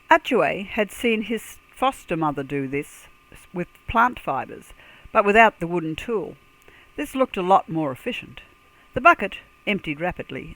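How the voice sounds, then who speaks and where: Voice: a bit bright, low-quality recording. Give me a careful storybook narrator who sings made-up words in a lilting lift. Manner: sings invented words in a lilting higher pitch. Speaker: audiobook narrator. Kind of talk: scripted fantasy narration.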